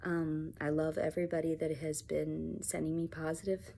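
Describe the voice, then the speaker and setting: A woman talking to camera in a personal vlog, soft-spoken and reflective, sometimes sinking to a whisper. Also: sits low, level tone, normal speed, gravelly. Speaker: vlogger.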